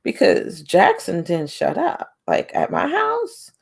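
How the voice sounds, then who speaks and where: Low gravelly-voiced mom in her 40s, chatty storytelling vlog, acts out the quotes. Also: slow. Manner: animated, acts out quotes with big pitch jumps. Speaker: homeschooling mom vlogger. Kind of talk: casual storytelling to camera.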